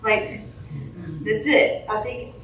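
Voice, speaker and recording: A woman reading a eulogy from her notes at a funeral home chapel, emotional and halting, with restarts. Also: a little high, steady tone, a bit bright, a little hiss or hum. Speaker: family member giving a eulogy. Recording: very echoey hall, from far off.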